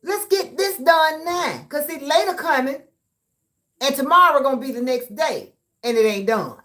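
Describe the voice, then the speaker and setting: A woman hosting a livestream, reading viewer comments aloud and trash-talking back with loud laughter. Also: high voice, animated, normal speed. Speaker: livestream host reading chat. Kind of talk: casual livestream chat.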